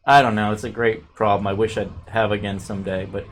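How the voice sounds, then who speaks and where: A man's voice: lowish voice, fairly quick, slight background noise. A man chatting casually as a guest, joking and telling stories. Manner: animated, jokey storyteller. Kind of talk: casual chat.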